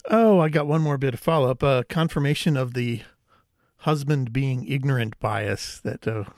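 A man's voice: mid-range voice, normal speed, darkish tone, dry recording. A middle-aged man co-hosting a podcast, chatting casually with dry, wry humor. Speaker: podcast co-host. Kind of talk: casual chat.

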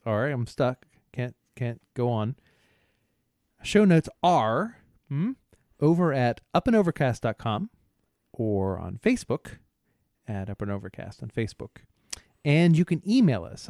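A man's voice: medium pitch, darkish tone, dry recording, clean studio sound. A man co-hosting a podcast in casual chat, joking around and often stumbling and restarting his words. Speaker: podcast co-host.

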